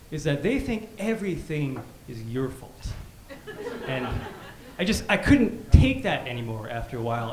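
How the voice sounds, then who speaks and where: A man in his thirties doing a stand-up comedy set on a club stage, with a punchy, animated delivery. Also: on the high side. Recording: echoey club room with background noise. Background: audience laughter and club ambience.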